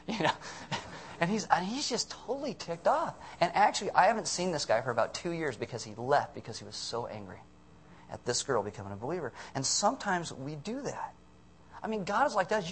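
A man preaching a sermon, animated and jokey, acting out voices and bursting into sudden shouts. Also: fairly high pitch, fairly quick, breathy edge. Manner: animated, acts out voices of people and God.

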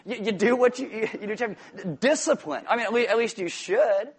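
Male pastor, high voice, animated sermon delivery with acted-out quotes. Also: fast talker, hardly any pauses, breathy edge. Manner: animated, acts out quotes and toddlers with big swings in volume.

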